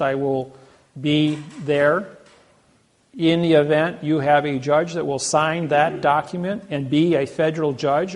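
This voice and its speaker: A man telling boastful stories to an audience, animated, with many restarts. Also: on the high side. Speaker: seminar speaker. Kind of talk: storytelling talk to an audience.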